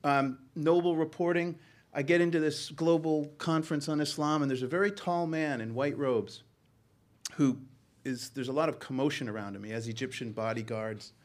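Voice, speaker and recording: A middle-aged newspaper journalist from Boston tells a panel a personal story, his voice a little high. He speaks earnestly but haltingly, with many ums and restarts.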